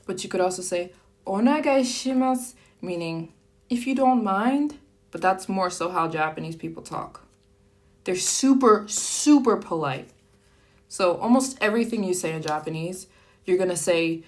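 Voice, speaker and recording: A woman hosting a casual live stream, chatting lightly and animatedly, jumping up in pitch for sample phrases. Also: normal speed. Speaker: livestream host.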